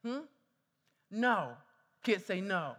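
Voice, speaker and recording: A man's voice: sits high, sing-song, extremely slow, a bit bright. A man preaching a sermon, repeating phrases and calling on the congregation to answer back. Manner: repeats himself, calls on congregation to respond. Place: church hall. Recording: reverberant hall.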